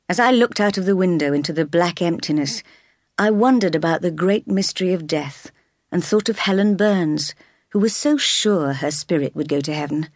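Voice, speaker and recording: A woman's voice: on the low side, no room sound. Woman reading a story aloud, dry. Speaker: narrator. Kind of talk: scripted audiobook narration.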